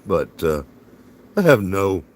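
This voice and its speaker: Very deep slow-talking Southern man. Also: big pitch swings, a little mellow, slight background noise. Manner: rambling, folksy, chuckling. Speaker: livestream host. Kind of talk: casual live-stream chat.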